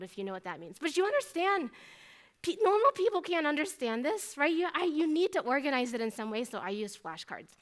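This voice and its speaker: A woman in her thirties, a mathematician giving a faith testimony talk, telling her story in an animated, chatty way with many asides. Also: a little high, clean tone.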